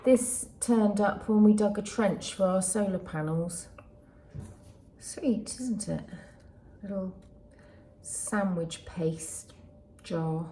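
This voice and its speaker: Woman, home vlogger, unhurried soft delivery with whispered asides, faint outdoor hum behind. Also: mid-range voice, steady tone. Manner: soft-spoken, often half-whispered asides. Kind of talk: casual gardening vlog narration. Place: garden outdoors.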